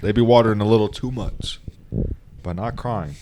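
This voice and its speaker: A man's voice: fairly low pitch, normal speed, darkish tone, a little hiss or hum. A young man co-hosting a podcast, trading goofy banter and sometimes asking his friend with concern how he is. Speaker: podcast co-host. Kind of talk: casual chat.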